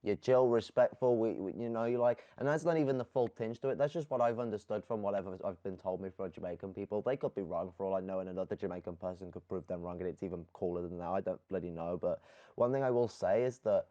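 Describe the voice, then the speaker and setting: Low, dark-voiced co-host, rambling. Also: male voice. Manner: rambling, halting, lots of fillers and swearing. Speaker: podcast co-host. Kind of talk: casual rambling chat. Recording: dull lo-fi audio.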